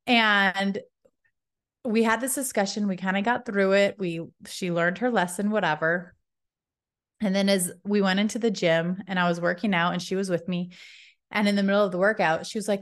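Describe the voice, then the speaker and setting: Woman, 30s, podcast host; casual, expressive storytelling, mid-pitched voice, lots of likes. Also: moderate pace. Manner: expressive, chatty retelling with many likes.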